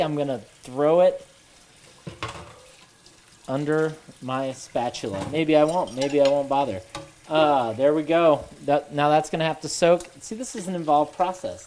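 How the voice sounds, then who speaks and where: A woman with a very deep voice rambles through her kitchen chores with wry, deadpan asides. Her talk is halting and a bit nervous, full of restarts. Faint sizzling and running water sit under her voice. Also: a little hiss or hum. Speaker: cooking show host. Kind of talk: rambling casual monologue while cooking. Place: home kitchen. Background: running water and sizzling pan.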